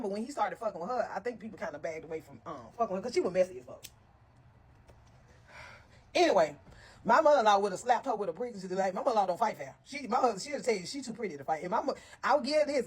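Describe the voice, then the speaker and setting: A woman telling a story to her viewers in a casual, animated and blunt way, heavy on profanity, with frequent asides to her listeners. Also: mid-range voice, slightly rough.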